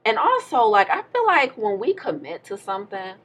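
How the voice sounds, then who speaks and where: A woman's voice: on the high side, very animated, moderate pace, fairly bright tone. A woman co-hosting a casual podcast, talking in a playful, emphatic way and laughing often. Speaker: podcast co-host.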